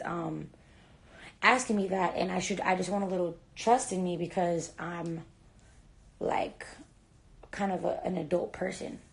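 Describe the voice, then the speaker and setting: A woman's voice: fairly low pitch, gravelly. A woman chatting casually on a phone live stream from a hotel room, rambling with lots of "like" fillers while she packs a bag. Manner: talks while packing a bag.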